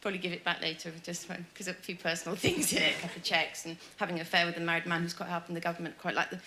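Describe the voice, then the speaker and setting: A woman's voice: on the low side, steady tone, racing, sharp tone, a little hiss or hum. A woman doing a stand-up monologue, rambling and correcting herself with nervous little laughs. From Britain. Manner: rambling, self-interrupting, nervous giggles. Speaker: stand-up comic.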